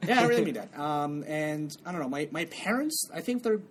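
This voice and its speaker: A man's voice: a little high, lively intonation, a little fast, over a noisy crowd. A man co-hosting a podcast, chatting casually with fillers and frequent laughs. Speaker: podcast co-host. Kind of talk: casual chat.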